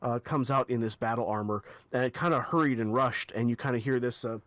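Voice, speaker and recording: A man narrating a tabletop game as game master, halting and repeating himself. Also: medium pitch, steady tone, a bit bright, no echo.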